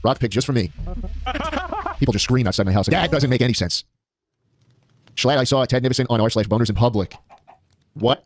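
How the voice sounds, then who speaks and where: A man giving excited gameplay commentary, swearing a lot, his voice jumping up into yelps. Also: medium pitch, very fast. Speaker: gaming streamer.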